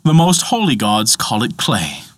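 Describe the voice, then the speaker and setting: A man's voice: lowish voice, wildly swooping pitch, measured pace, a bit bright, dry recording, clean studio sound, heavily acted. A man voicing a blunt, proud male dwarf who is testy and haughty. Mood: recital.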